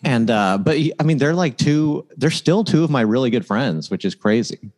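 A man's voice: medium pitch, lively intonation, moderate pace, darkish tone. A man in his thirties, a comedian, telling stories casually with lots of laughs and fillers. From United States. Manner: laughing, loose storytelling with many "like"s. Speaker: comedian, podcast guest. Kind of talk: casual chat.

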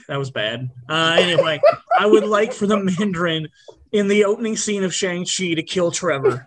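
A man hosting a podcast, talking in a rambling, blunt way with frequent restarts. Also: sits high. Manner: rambling, blunt, self-correcting. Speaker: podcast host. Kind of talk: casual chat.

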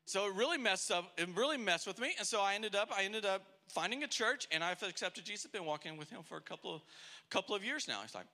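A man's voice: sits high, very animated, brisk, sharp tone. A man preaching a sermon in a church, telling stories with energy and acting out the people he quotes. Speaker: pastor.

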